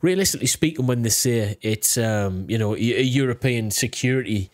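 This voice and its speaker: A man's voice: medium pitch, brisk, a little mellow, dry recording, studio quality. A British man casually reacting to a video, talking in a rambling way with lots of restarts and fillers. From United Kingdom.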